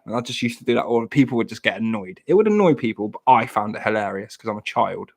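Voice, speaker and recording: A man's voice: on the low side, lively intonation, fast, vocal fry, few pauses, darkish tone. A man from Plymouth with a broad Janner accent, rambling and joking in casual livestream chat. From Plymouth, England. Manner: rambling, jokey, self-mocking. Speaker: livestream host.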